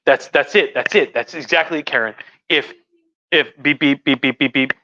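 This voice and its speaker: A tipsy man hosting a livestream, telling history in a rambling, profane, animated way. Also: medium pitch, normal speed, slight background noise. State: tipsy from wine. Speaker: host. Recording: lo-fi livestream audio.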